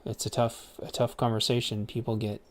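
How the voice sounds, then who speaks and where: A man's voice: fairly low pitch, level tone, fairly quick. A man ranting in a casual, rambling way, swearing often and repeating words as he restarts his sentences. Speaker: streamer. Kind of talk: casual rant.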